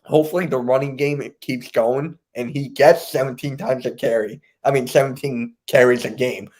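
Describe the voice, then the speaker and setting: A man in casual sports podcast chat, talking in an animated, disbelieving way and firing off questions. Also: medium pitch, normal speed, a little hiss or hum. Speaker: podcast host.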